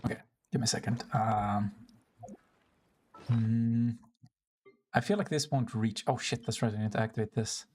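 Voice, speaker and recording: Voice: medium pitch, fairly even intonation, normal speed, pauses often, a little mellow, slight background noise. A game streamer chatting casually while playing, self-mocking and rambling, swearing now and then, and breaking into laughter often. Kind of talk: casual live-stream commentary over gameplay.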